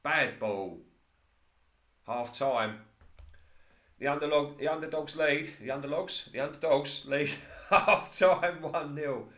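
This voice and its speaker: Excitable man calling his own football sim. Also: a little high, slow, roomy sound. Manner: excitable play-by-play, laughs at his own slips. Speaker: commentator of his own football management game. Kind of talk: casual solo game commentary.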